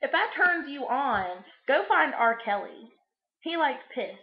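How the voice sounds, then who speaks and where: A woman's voice: high-pitched, very animated, measured pace. A young woman recapping a movie in a casual vlog, crude and sarcastic, rambling with lots of fillers. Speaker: vlogger. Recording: echoey room, muffled lo-fi sound.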